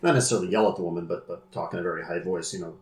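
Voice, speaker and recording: Man, lowish voice, earnest tabletop player, roomy echo. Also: very fast, darkish tone. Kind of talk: casual tabletop play.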